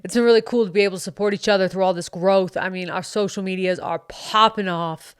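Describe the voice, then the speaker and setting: A boastful young bro dad influencer, played by a woman, who swaggers through his slang with a faint southern twang. The voice is smooth and clean at a middling pitch. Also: lively intonation, moderate pace, a bit bright, dry recording, studio quality. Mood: braggy. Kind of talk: comedic character monologue.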